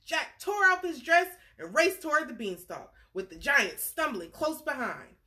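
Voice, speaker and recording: Lively woman reading a bedtime story. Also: high voice, a little slow. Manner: animated, chatty asides to young listeners; playful character voices for the story's figures.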